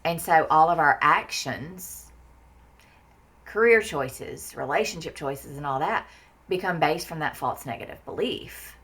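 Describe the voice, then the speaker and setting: Low-voiced blunt Southern American woman. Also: lively intonation, a little slow, fairly bright tone. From Mississippi, US Deep South. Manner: blunt and frank, swears for emphasis. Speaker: guest. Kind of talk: candid conversation about inner child therapy.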